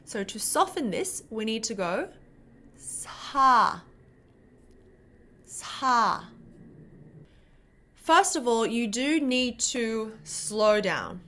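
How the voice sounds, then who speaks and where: A young woman teaching Korean pronunciation to camera, demonstrating sounds slowly and repeating syllables louder. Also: on the high side, lively intonation.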